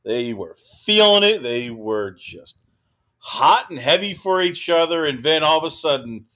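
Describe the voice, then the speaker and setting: A man guesting on a sports podcast, talking in an animated, exclaiming way and breaking into mocking impressions. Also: fairly high pitch, unhurried. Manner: animated, exclaiming, mimics others. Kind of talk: casual sports talk.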